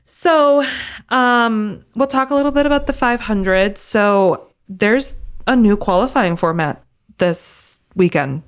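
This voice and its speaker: A woman co-hosting a podcast in casual chat, excited and rambling, swearing casually. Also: a little high, slow pace, clear, resonant tone. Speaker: podcast co-host.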